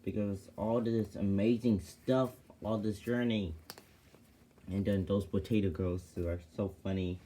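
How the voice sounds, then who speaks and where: A man's voice: lowish voice, steady tone, a little slow, dark tone, a little hiss or hum. A man casually telling a personal story to his viewers, rambling and full of fillers and restarts. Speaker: vlogger.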